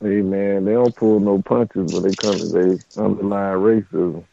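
Gravelly low-voiced wisecracking man. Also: steady tone, moderate pace, dark tone, slight background noise. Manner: laid-back, wisecracking, laughs a lot. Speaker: podcast co-host. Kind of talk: casual chat about wrestling. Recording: dull lo-fi dry audio.

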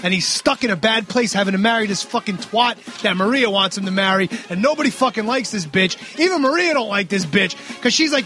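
A man with a very high voice rattles through a wrestling recap, swearing constantly and staying animated throughout. Faint music plays behind him in this casual podcast chat. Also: a little fast, hardly any pauses.

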